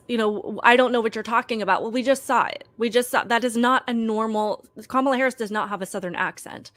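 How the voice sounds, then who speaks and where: A woman's voice: on the high side, fairly bright tone, dry recording, clean studio sound. A woman hosting her own channel, giving earnest, opinionated political commentary straight to her viewers.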